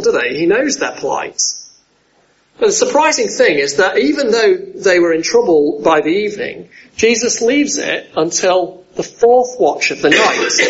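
A man preaches in a relaxed, conversational way, often turning to his listeners with questions. His voice sits a little high for a man. The recording sounds dull and lo-fi. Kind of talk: sermon.

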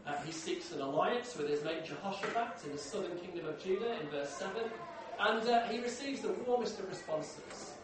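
Man preaching, chatty and questioning, high voice, picked up from afar in a big echoey hall. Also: lively intonation, normal speed, distant mic, background noise. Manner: conversational, asks the room questions. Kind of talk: sermon. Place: large echoey church hall.

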